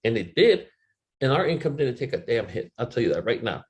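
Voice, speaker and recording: A man's voice: medium pitch, sing-song, brisk. A middle-aged man giving a motivational webinar talk, telling a candid, emotional personal story with loose swearing. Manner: quotes others in changing voices, rises and falls in loudness.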